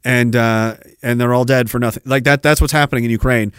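A man's voice: medium pitch, fairly even intonation, a little fast, fairly bright tone, clean tone, no room sound, clean studio sound. Heated, profane man hosting a rant. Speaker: podcast host. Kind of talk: ranting political commentary.

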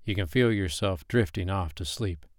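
A man narrating an erotic audio story in second person, in a slow, measured, soothing way. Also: sits low, dry recording, studio quality.

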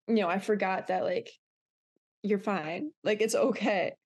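A woman's voice: medium pitch, unhurried, breathy edge. A young woman co-hosting a sports podcast, speaking in an earnest, reflective way. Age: young adult. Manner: earnest, reflective, animated when recounting. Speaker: podcast co-host. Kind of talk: casual podcast chat.

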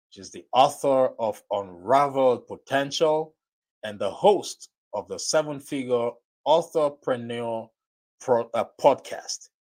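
A man with a Nigerian accent hosts a motivational show with a mid-range voice. He talks with enthusiasm and builds up introductions the way a preacher would. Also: mid-range voice. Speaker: podcast host. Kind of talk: motivational podcast talk.

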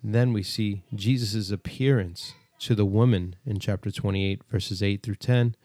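Man, co-host, relaxed Bible study talk, lowish voice, dry close sound. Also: a little slow, no room sound. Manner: walks through chapters and verses in an easygoing way. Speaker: podcast co-host. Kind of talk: casual Bible study podcast.

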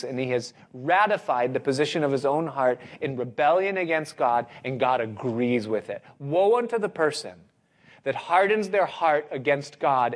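A man preaching a sermon, speaking expressively with dramatic pauses and rising emphasis. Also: medium pitch.

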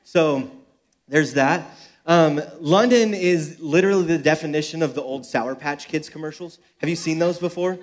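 Young man, church pastor; relaxed joking sermon delivery, slightly higher pitch. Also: normal speed. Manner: joking, self-deprecating storytelling. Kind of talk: sermon with personal stories. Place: church service.

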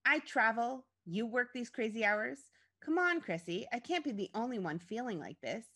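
A woman's voice: fairly high pitch, animated, moderate pace, a bit bright, voice pushed up. A woman voicing an apologetic, evasive young man in a storybook reading. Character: smooth apologetic young boyfriend.

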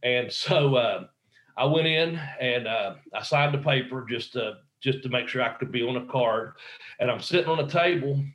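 A man's voice: medium pitch, normal speed, fairly bright tone. Rambling male wrestler telling stories. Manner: rambling, acts out quoted voices; frequent fillers and restarts. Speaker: professional wrestler guest. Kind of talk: casual anecdotal storytelling.

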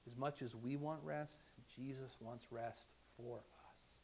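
Man preaching, soft to loud swings. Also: mid-range voice, fairly even intonation, slow, vocal fry. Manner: dynamic, drops to hushed softness for quoted invitations and rises loud when emphatic. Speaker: pastor. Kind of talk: sermon.

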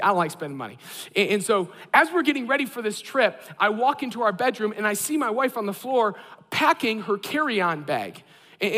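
A man in his thirties preaching a sermon, an animated and self-deprecating storyteller. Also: sits high, in a large hall. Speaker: pastor.

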